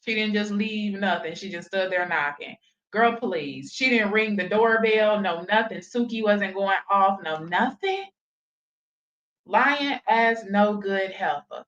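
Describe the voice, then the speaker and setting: A woman's voice: mid-range voice, a little slow, fairly bright tone, lo-fi sound. A woman hosting reaction commentary, sarcastic and exasperated. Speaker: commentary host.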